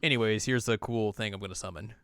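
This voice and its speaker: A man's voice: lowish voice, a bit bright, clear, resonant tone, no echo, studio quality. A man co-hosting a podcast, chatting casually through an anime episode recap and slipping into silly character voices. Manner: chatty retelling of scenes in quick silly character voices, laughs often. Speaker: podcast co-host.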